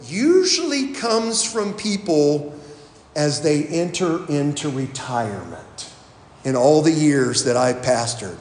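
A man preaching a sermon as pastor, reading scripture aloud and then speaking to his congregation in a slow, deliberate way with pauses. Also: high-pitched, expressive, slight background noise. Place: church sanctuary. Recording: roomy hall with long reverb.

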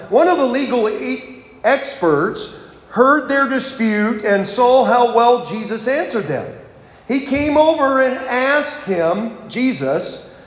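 A man preaching a sermon as pastor, reading scripture aloud and then speaking to his congregation in a slow, deliberate way with pauses. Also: high-pitched. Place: church sanctuary. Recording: roomy hall with long reverb.

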